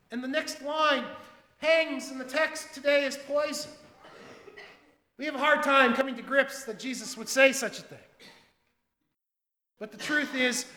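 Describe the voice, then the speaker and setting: A male pastor preaching a sermon, swinging between loud emphatic lines and hushed asides. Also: extremely high pitch, roomy sound, big-room sound.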